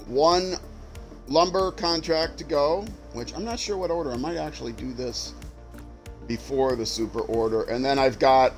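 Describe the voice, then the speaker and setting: Speaking with a fairly high pitch, a middle-aged game streamer from Minnesota narrates his live gameplay in a tired, rambling fashion. He keeps it chatty and pokes fun at himself, often tripping over his words.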